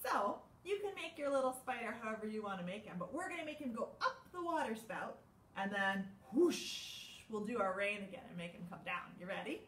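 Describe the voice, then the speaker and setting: A woman hosting a children's storytime, reading a picture book aloud in an animated, sing-song way with playful gasps. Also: mid-range voice, brisk, recorded from a distance. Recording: echoey room with faint background noise.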